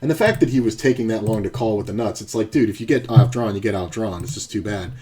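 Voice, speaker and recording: Lowish guy, mellow tone, rambly swear-y poker stream storytelling. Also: quick pace, slight background noise. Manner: rambling, profane, restarts sentences. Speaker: poker streamer and former card dealer. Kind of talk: casual storytelling while playing.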